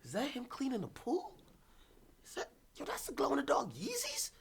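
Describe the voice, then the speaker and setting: A man's voice: very high-pitched, huge pitch swings, normal speed, creaky, slight background noise, voice pushed up, heavily acted. A man voicing a male rap star creeping by in a car, muttering suspiciously in a whispered role-play.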